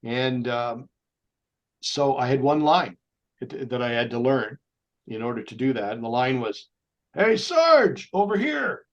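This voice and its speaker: A man, speaking as a guest on an interview show. He tells lively stories at a mid-range pitch. He slips into voices whenever he quotes someone. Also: measured pace, dull audio. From Canada. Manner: animated raconteur, slips into voices when he quotes people. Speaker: guest actor. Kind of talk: anecdotal storytelling in an interview.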